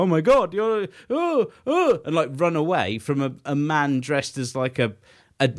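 A young man co-hosting a podcast, telling a long, rambling anecdote full of fillers and swearing. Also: medium pitch. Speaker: podcast co-host. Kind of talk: casual chat.

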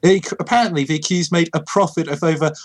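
A man's voice: on the high side, fast talker. A young man co-hosting a casual comedic chat, who rambles through stories with lots of fillers and keeps breaking into laughter. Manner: giggly, rambling with many fillers. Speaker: podcast co-host.

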